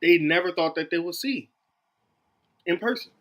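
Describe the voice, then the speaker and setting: Aave-guy telling a story all animated, high bright voice. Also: moderate pace. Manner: animated, storytelling, laughs while talking. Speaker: guest. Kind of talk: casual chat.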